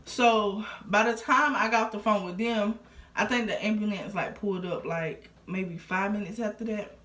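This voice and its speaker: A woman's voice: mid-range voice, fairly even intonation, normal speed, fairly bright tone. A young adult woman vlogging a casual storytime, rambling along with lots of fillers. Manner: rambling, filler-heavy, conversational. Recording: roomy echo.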